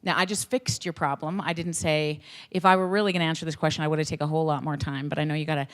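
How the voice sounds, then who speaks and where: A woman speaker and youth hockey coach giving an energetic, joking talk to educators. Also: sits low, racing.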